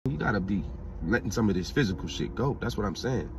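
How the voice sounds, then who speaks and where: A man giving a casual, preachy spiritual monologue in heavy slang, asking "you heard me?" again and again and swinging from a low mutter to loud, raised outbursts. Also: lively intonation, quick pace. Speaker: spiritual talk host. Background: music.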